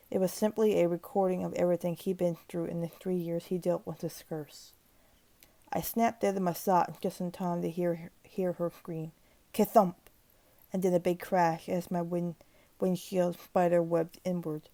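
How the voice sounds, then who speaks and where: A woman reading a creepypasta aloud in a steady, grim narration with occasional restarts. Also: lowish voice, creaky, no room sound. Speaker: horror story narrator.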